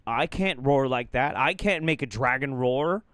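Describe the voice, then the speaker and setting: A male host gives comedic commentary on clips, swearing often and playing up every reaction. His pitch swings widely, and his voice is recorded dry and close. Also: animated, unhurried, a bit bright, no echo. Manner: profane, playful, exaggerated.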